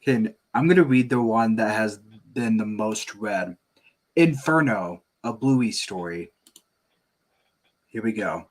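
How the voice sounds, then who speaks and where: A slow-talking man hosts an online show and chats in a hesitant, unhurried way, full of small pauses and fillers. He also reads fan fiction aloud at the same easy pace. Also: fairly low pitch. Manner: slow, hesitant, lots of ums. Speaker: show host. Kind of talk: casual chat and story reading.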